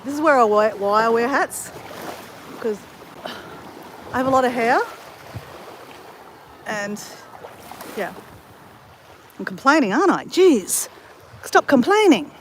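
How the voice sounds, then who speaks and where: A woman's voice: on the high side, animated, a little slow, long pauses, a bit bright, a little hiss or hum. An Australian woman chatting casually to viewers on a livestream from a beach, rambling and correcting herself as she talks. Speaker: livestream vlogger. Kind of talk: casual live chat to viewers. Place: outdoors on a beach.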